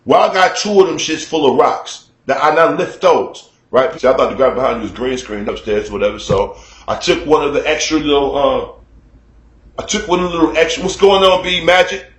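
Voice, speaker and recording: A man telling a story to his camera in a casual, animated, profane way, acting out shouts at a neighbor, recorded in a room at home. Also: a little high, normal speed, roomy sound. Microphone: camera mic.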